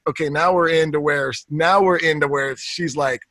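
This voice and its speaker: A man co-hosting a comedic podcast chat, reading lines aloud in a mocking deadpan drawl. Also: a little high, normal speed, no echo. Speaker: podcast co-host.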